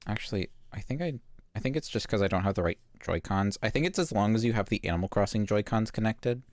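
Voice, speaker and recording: A man's voice: lowish voice, fast talker, a little mellow, no echo, studio quality. A man from Canada with a light Canadian accent, chatting playfully as he streams a video game. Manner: chatty, playful, chuckles often. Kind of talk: casual live gameplay chat.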